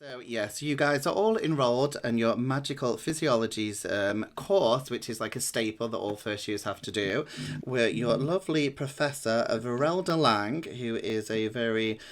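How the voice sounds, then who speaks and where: A man runs a tabletop game, explaining the rules in a relaxed, meandering way full of ums. His voice sits at a medium pitch and his talk wanders as he goes. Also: normal speed. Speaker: game master. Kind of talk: running a tabletop game over a call.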